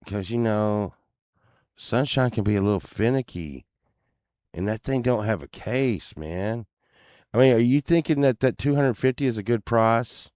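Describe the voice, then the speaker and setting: A man's voice: on the low side, a little slow, a little mellow, dry recording, clean studio sound. A man chatting casually to viewers while browsing listings, laid-back and mumbling, with muttered asides and cursing.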